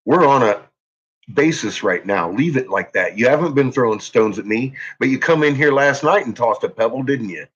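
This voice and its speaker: Husky, agitated man ranting on a lo-fi recording. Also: medium pitch, lively intonation, moderate pace. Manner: agitated, profane, threatening outbursts. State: tense and jittery. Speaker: channel host. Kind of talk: angry ranting monologue. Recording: dull lo-fi recording.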